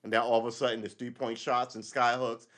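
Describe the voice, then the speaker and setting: A man's voice: mid-range voice, flat delivery, a little fast, fairly bright tone. A man hosting a livestream, delivering a casual, rambling monologue in a blunt, profane way. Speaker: livestream host.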